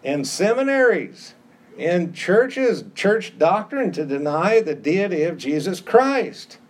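A man's voice: high-pitched, big pitch swings, takes it slowly. A middle-aged male pastor preaching a sermon, emphatic and repeating phrases for stress.

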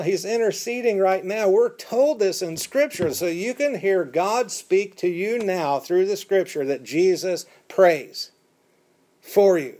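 A male pastor delivering a sermon in a slightly high voice. He moves between measured teaching and lively, dramatic quoting, pushing his voice up when he acts out what people say to God. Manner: animated preaching with dramatic voiced quotes.

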